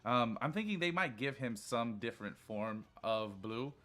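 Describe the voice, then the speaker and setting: A man co-hosting a casual review chat, relaxed and hesitant with fillers. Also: medium pitch, moderate pace. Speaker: co-host.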